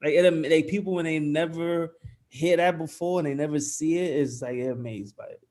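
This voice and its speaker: Animated New York man telling stories. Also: a little high, brisk. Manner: animated storytelling. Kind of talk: casual chat.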